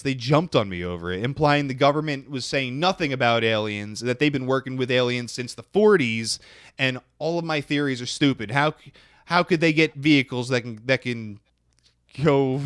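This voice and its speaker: A man's voice: mid-range voice, dry recording, studio quality. Rambling man on a podcast. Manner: rambling, trails off and restarts often, swears casually. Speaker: podcast host. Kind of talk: casual podcast chat.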